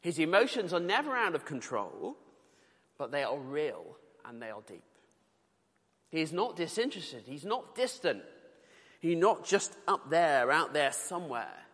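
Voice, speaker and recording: A British man delivers a sermon in an earnest, conversational way, dropping colloquial asides as he reads scripture. His voice sits on the high side, with big swings in pitch, an unhurried pace and a fairly bright tone. The long reverb of a large hall surrounds the recording.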